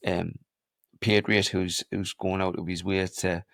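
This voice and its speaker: A man with a very deep voice co-hosts a casual podcast. He retells film scenes with sweary, eager enthusiasm. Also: little pitch movement, a little slow, creaky, no room sound, clean studio sound. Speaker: podcast co-host. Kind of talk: casual movie chat.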